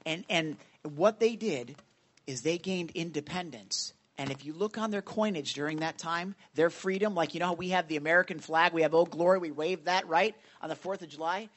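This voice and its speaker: A man's voice: a little high, normal speed, fairly bright tone. Earnest, conversational male preacher. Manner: earnest, conversational, with frequent "right?" check-ins. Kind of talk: informal sermon. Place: church sanctuary.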